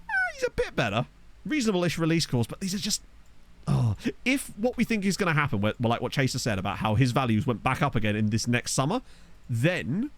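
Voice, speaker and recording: A man talking through a football management game, chatty and loose, swearing freely and chuckling at his own asides. His voice sits at an ordinary middle pitch but bounces around a lot as he reacts. He records at a desk microphone. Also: no echo. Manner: chatty, swears casually, laughs at own jokes. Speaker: gaming YouTuber. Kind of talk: let's play commentary. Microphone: desktop USB microphone.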